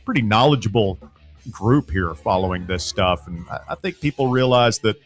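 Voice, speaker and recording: A man hosting a sports talk radio show, animated and loud when he hypes things up. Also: normal speed, soft background music. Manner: animated, swings loud and high when hyping.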